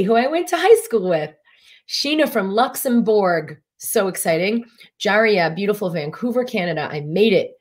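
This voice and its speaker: A woman physician hosting a live stream, talking casually with a meandering style full of fillers and restarts. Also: medium pitch. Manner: meandering, easygoing talk with frequent fillers and restarts. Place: Durango, Colorado.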